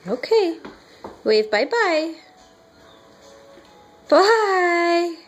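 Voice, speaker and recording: High sing-song woman coaxing a toddler. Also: sing-song, extremely slow, faint music behind. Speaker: parent. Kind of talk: home video baby talk.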